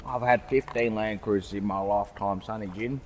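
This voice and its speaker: A man's voice: high voice, measured pace, big-room sound, crowd noise, pitched above the performer's own voice. A man voicing an older male car buyer who boasts in a long-winded, drawling way. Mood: boastful.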